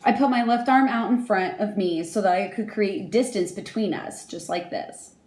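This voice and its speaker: A young woman reading her prepared impact statement aloud in a measured, earnest way. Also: mid-range voice, a little mellow, echoey room, a little hiss or hum. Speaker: victim giving an impact statement.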